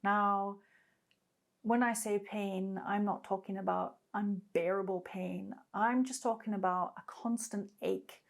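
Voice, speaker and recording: A woman in her fifties talks straight to camera in a personal video diary. She speaks candidly, with open feeling. Her voice sits at a middle pitch. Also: fairly even intonation, measured pace, creaky. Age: 50s. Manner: candid and heartfelt, openly emotional. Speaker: vlogger.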